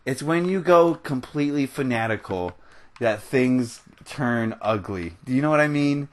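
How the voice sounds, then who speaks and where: A man's voice: mid-range voice, animated, unhurried. A young American man hosting a gaming video, ranting in a heated, rambling way while he plays, often laughing. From United States. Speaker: gaming channel host. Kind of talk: ranting commentary over gameplay.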